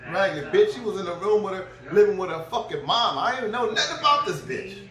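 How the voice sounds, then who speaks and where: A middle-aged man rants through a crude story in a high, bright voice. He rambles and laughs at his own tale. The sound is distant and echoey, as if the mic sits across a room. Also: animated, quick pace. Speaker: vlogger. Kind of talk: profane storytelling rant.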